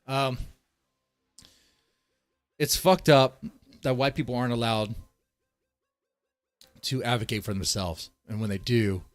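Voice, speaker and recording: A man's voice: mid-range voice, steady tone, takes it slowly, pauses often, dry recording. A man streaming live, rambling through casual, profane commentary and talking straight to his chat. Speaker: streamer reacting to a video.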